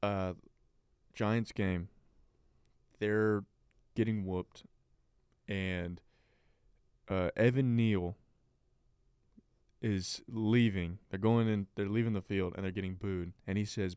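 A man's voice: fairly low pitch, fairly even intonation, unhurried, a little mellow, clean tone, no echo, studio quality. A man co-hosting a sports podcast in casual chat, rambling with lots of fillers. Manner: rambling, filler-heavy, laughs easily. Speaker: podcast co-host.

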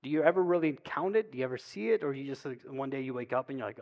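A man preaching a sermon as pastor, in a relaxed, conversational storytelling way, often checking in with "right?". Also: medium pitch, rapid-fire, lo-fi sound. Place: church sanctuary. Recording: long reverb of a church hall.

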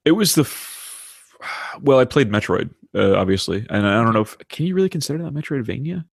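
A man in his thirties chatting casually on a podcast, animated and telling stories with plenty of swearing. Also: mid-range voice, a little fast, creaky, husky, dry recording, studio quality. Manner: animated storyteller, swears freely. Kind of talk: casual chat.

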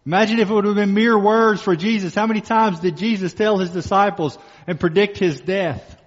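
A male pastor preaching a sermon, emphatic, slowing down and repeating key phrases for stress. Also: high voice, fairly even intonation. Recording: muffled sound with long reverb in a hall.

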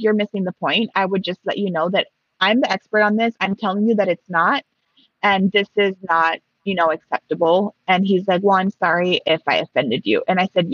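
With dull audio, a Mexican woman in a mid-range, slightly rough voice tells a story in casual conversation. She's animated, acting out both sides of a heated exchange.

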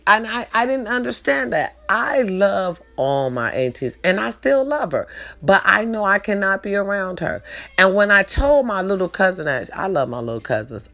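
Animated, swearing woman telling a story. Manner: animated, swearing, big pitch swings, repeats phrases. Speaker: vlogger. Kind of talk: casual storytelling to viewers.

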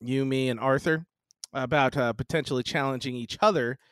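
The clip has a man in his forties, a podcast co-host, casually recounting a crude story and acting out its characters' voices. He has a medium-pitched, clean, fairly bright voice, a fairly quick delivery, and a dry recording.

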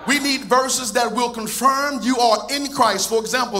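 A man preaching a sermon as pastor, with a singsong cadence that rises to shouts. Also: extremely high pitch, normal speed.

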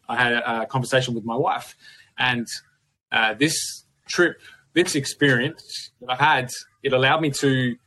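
A man's voice: mid-range voice, pushed and bright. A young adult man with an Australian accent, a podcast guest talking in a reflective, rambling way with many restarts. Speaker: podcast guest, gym owner. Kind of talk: casual conversation.

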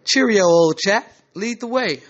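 A man voicing an eccentric rehab patient who speaks in a fake British accent and sings in a high falsetto, on a slightly muffled lo-fi recording. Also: fairly even intonation, measured pace, a bit bright. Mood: chipper. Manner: sudden leaps to a high singing voice.

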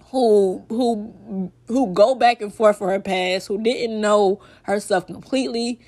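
A young woman hosting a faith podcast speaks emotionally and close to tears, her mid-range voice slow and darkish. Her heartfelt, loose delivery is full of "like" and repeated phrases, and she ends by praying aloud.

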